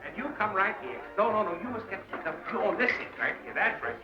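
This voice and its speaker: A man's voice: high-pitched, very animated, lo-fi sound. An actor playing a fussy, flustered male party host who keeps ordering guests about in an old comedy film. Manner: hurried, fussing, repeating orders. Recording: old film soundtrack with music. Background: music.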